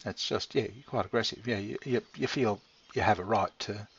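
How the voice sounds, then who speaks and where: A man's voice: fairly low pitch, a little fast, breathy edge. A middle-aged man rambling casually to his pet, swearing freely and chuckling often. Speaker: channel host talking to his pet. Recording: dull lo-fi recording.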